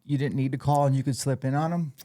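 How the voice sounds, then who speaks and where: A man's voice: mid-range voice, fairly even intonation, fast talker, warm tone. A man hosting a podcast, interviewing a guest with direct, probing questions. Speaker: podcast host.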